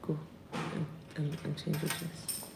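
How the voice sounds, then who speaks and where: A woman's voice: low-pitched, level tone, slow pace, creaky. A woman giving a live-streamed motivational talk from home, upbeat and repeating key phrases for emphasis. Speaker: motivational speaker. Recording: roomy echo, faint background noise.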